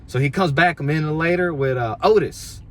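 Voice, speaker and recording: A man's voice: on the high side, a little fast. A man, a pro wrestler, casually telling a story about his career in a laid-back, self-deprecating, rambling way.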